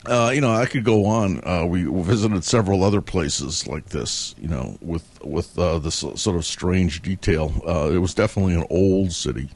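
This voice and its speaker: A man's voice: low-pitched, a little mellow. A man telling the story of a dream in a casual monologue, meandering and reflective as he retells it.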